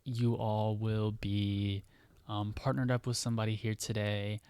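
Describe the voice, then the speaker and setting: A man's voice: on the low side, level tone, measured pace, darkish tone, clean tone, no echo. A man voicing a buff ginger adult man who runs an odd facility, menacing at first and then breezy, in a casual offhand way.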